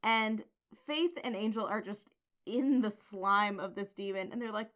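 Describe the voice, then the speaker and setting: A woman's voice: mid-range voice, unhurried, fairly bright tone. A woman co-hosting a casual podcast, recapping comics in a playful, amused way. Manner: playful, amused, quotes characters in a light voice. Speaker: podcast co-host.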